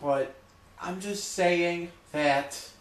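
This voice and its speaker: A man talking loudly in an emphatic, repetitive rant, often checking in with "okay?". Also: high-pitched, very slow, roomy sound. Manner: loud, repetitive, emphatic, keeps saying okay. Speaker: vlogger. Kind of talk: ranting monologue to camera.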